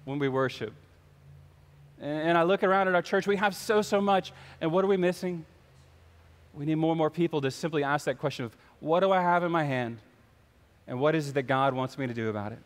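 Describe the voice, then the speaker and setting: A pastor preaching to his congregation, his voice sitting a little high for a man. He tells stories and slips into the voices of the characters. The sound carries a long reverb from a big church hall. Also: brisk. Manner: storytelling, acts out the voices in his anecdotes. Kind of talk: sermon. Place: church sanctuary.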